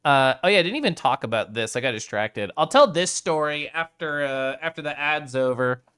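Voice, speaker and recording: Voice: mid-range voice, lively intonation, brisk, fairly bright tone, clean tone. A streamer chatting casually with live chat, playful, reading messages aloud and often rolling R's and making vocal sounds.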